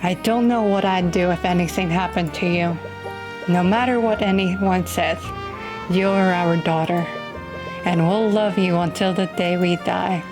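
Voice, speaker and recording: A woman voicing a worried, loving father in a game, low, slow and soft. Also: steady tone, music in the background, close to an everyday voice. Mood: tender, worried. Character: worried middle-aged father, gentle and loving.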